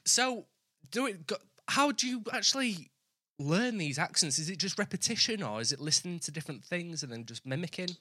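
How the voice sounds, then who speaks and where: A man's voice: sits high, animated, brisk, bright, forceful tone, husky, dry recording, clean studio sound. A man with a Yorkshire accent hosting an interview, friendly and teasing. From Northern England. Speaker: interview host. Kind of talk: casual interview chat.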